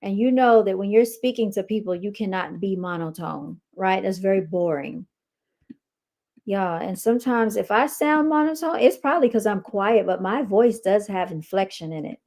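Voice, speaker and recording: Blunt, animated woman livestream host. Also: mid-range voice, normal speed. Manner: blunt, animated, addresses viewers as y'all. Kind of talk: casual livestream commentary.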